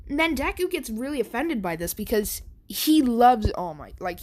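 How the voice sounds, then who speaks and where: A woman's voice: on the high side, big pitch swings, normal speed, hardly any pauses, darkish tone. A woman casually improvising a fan story, rambling and correcting herself as she goes.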